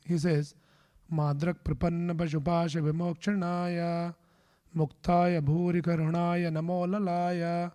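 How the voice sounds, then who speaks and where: In a temple hall, a man with a fairly high voice and a dark tone gives a sermon during a scripture class. He explains things patiently, asks the audience questions, and chants Sanskrit verses.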